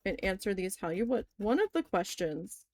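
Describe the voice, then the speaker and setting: A woman's voice: medium pitch, big pitch swings, moderate pace, darkish tone. A woman in her forties, chatty and long-winded, telling a story in a casual crafting vlog and swearing when annoyed. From New Jersey. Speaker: crafting vlogger.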